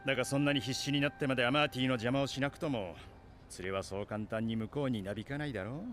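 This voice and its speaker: An actor plays a cautious grown shopkeeper in an anime, blunt and skeptical of a risky deal. He talks very fast. Faint soundtrack music sits behind him. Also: medium pitch, fairly bright tone, lightly acted. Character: grown male shopkeeper merchant, gruff and cautious.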